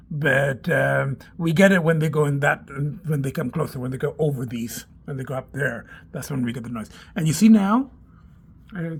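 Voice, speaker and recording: A man's voice: on the high side, creaky, breathy edge. A man vlogging on a handheld phone, rambling and ranting with plenty of swearing. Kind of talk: casual rambling vlog monologue. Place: outdoors walking, then at home. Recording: noisy outdoor phone recording.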